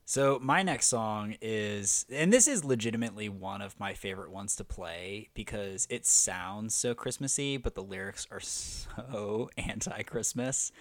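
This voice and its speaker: A man's voice: on the low side, measured pace, few pauses, no echo. A man co-hosting a podcast in casual chat, rambling and enthusiastic, with lots of "like" fillers. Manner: chatty, heavy use of "like", enthusiastic. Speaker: podcast co-host.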